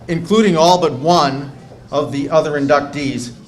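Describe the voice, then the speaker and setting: A man, introducing a hall of fame inductee in a measured, gently humorous speech. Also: a little high, slight background noise. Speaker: presenter at induction ceremony. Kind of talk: prepared speech. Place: banquet hall.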